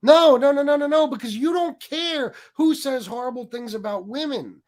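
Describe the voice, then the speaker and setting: His voice is extremely high and animated, moving a little slowly. As a livestream host, he launches into a foul-mouthed, confrontational tirade aimed at his critics.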